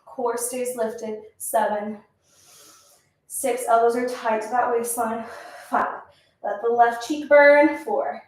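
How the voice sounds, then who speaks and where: A woman's voice: on the high side, steady tone, takes it slowly. A woman teaching a pilates class, counting reps and giving encouraging cues, a little out of breath. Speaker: pilates instructor. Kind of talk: workout instruction. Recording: echoey room, mic at a distance.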